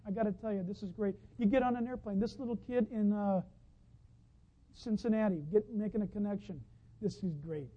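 A man preaching a sermon, telling a story as he goes, dropping from hushed to loud excited outbursts. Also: extremely high pitch, muffled recording. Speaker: pastor.

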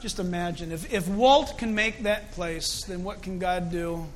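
Male preacher, sermon, high voice, animated, conversational, chuckling asides. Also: a little slow.

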